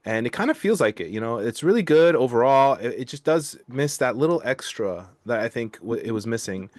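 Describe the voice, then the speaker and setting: A man's voice: mid-range voice, expressive, brisk, a little mellow, no echo. Easygoing man, dry close sound. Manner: easygoing, hesitant restarts. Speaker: podcast co-host. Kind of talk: casual film review chat.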